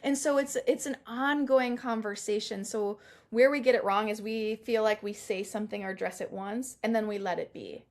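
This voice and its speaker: A middle-aged woman performance coach chatting as an interview guest, animated, laughing often and acting out the lines she quotes. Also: medium pitch, normal speed. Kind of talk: casual interview chat.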